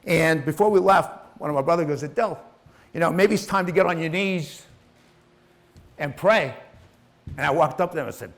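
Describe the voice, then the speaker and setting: A man's voice: on the high side, moderate pace, creaky, long pauses. A middle-aged man telling his own life story in a motivational talk, swearing freely and acting out the people in it. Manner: emotional, profane, acts out voices in his story.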